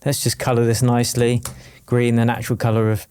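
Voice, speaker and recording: A man's voice: mid-range voice, little pitch movement, a little mellow, smooth. Chatty, coffee-wired man teaching music production. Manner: chatty and jokey, quick with asides. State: wired on coffee, talking fast. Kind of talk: screen-recorded production tutorial.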